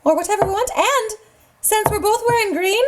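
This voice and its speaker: A woman's voice: extremely high pitch, a little fast. A woman co-hosting a children's show, giggly and telling playful little stories. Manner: giggly, storytelling. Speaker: co-host. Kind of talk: playful kids' show chat.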